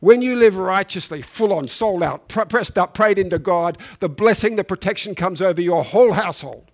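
Guy with a high voice giving a sermon, earnest, gets loud and emphatic, lots of restarts. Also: normal speed. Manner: earnest, rising to emphatic peaks, with frequent restarts. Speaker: preacher.

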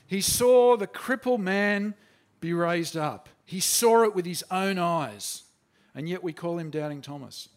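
A man preaching a sermon in an earnest, plain-spoken way, often restarting his sentences. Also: sits high.

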